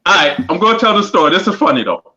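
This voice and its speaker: A man in a casual group chat, an animated storyteller who acts out the quotes. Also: high voice, very fast, crowd noise. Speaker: podcast crew member. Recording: lo-fi dull sound.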